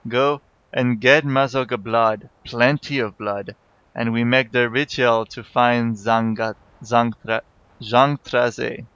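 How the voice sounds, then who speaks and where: A man's voice: mid-range voice, fairly even intonation, slow pace, fairly bright tone, clear, resonant tone, no room sound, muffled recording. A man voicing a scheming, boastful male troll blood-mage with a put-on troll accent and an emphatic lilt.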